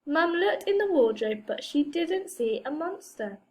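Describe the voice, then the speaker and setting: A woman reading a children's storybook aloud in an expressive manner. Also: high voice, a little slow, hardly any pauses.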